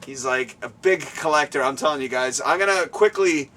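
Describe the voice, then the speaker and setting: A man hosting a casual interview at a guest's home, excitable and rambling, laughing often, recorded from a distance. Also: a little high, moderate pace, slight background noise. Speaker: show host. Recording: distant mic, faint room ambience.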